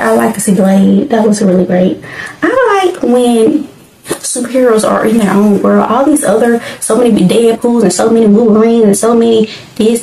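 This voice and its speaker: A woman's voice: mid-range voice, vocal fry, dark tone, reverberant, slight background noise, poor audio. A woman hosting a casual movie reaction, talking in a rambling, candid way with everyday slang. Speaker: movie review host.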